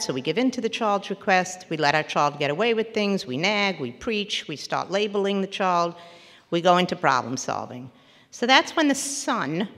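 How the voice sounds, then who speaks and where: A woman therapist gives a parenting workshop in a somewhat low voice, earnest and emphatic. She often breaks off mid-word and starts again. Her voice carries a long hall reverb. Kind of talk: workshop lecture.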